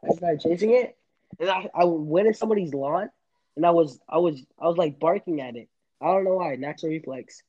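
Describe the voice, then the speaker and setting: A man's voice: on the high side, a little fast, mellow, dull audio. A young man hosting a casual podcast chat, rambling and laughing with many restarts. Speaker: podcast host.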